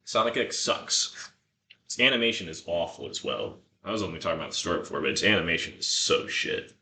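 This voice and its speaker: A man rambles and swears as he cooks in his kitchen on a live stream, drinking beer and chatting to his dog. His voice is low-pitched but bright and forceful. It sits back from the mic in an echoey room with a faint hum behind it. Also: animated, quick pace, gravelly. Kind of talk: casual live-stream chat while cooking. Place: home kitchen. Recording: roomy kitchen, mic from afar.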